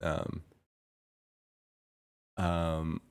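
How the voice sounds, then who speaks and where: A man streamer chatting casually to his viewers, rambling and halting, with lots of fillers and restarts. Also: rumbling low, monotone, gravelly, smooth. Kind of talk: casual live-stream chat.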